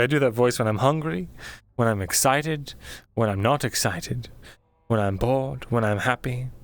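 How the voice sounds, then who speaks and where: A man's voice: mid-range voice, a bit bright, no room sound. A man streamer casually signing off his roleplay stream, joking, laughing and thanking his chat.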